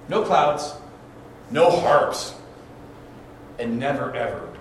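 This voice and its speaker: A man preaching a sermon as a pastor, telling stories in an animated way and acting out the dialogue with stammered restarts. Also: mid-range voice, moderate pace. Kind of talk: storytelling sermon. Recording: very echoey room, distant mic, background noise.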